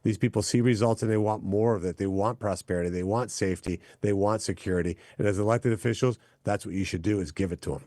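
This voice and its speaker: A man answering as a senator in a political interview, confident and forceful, repeating points for emphasis. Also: on the low side, steady tone, quick pace, hardly any pauses, no room sound, studio quality.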